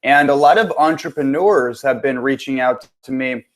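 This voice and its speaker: A man's voice: medium pitch, moderate pace. A man, a transformation coach, hosting a live online webinar with an upbeat manner, greeting viewers and checking that they can hear him.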